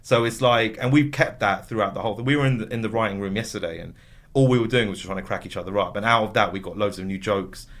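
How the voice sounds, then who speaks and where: Man, casual interview guest, lively storyteller, slips into funny voices. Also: lowish voice, fast talker. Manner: animated storytelling with voiced impressions. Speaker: comedy actor and writer, guest.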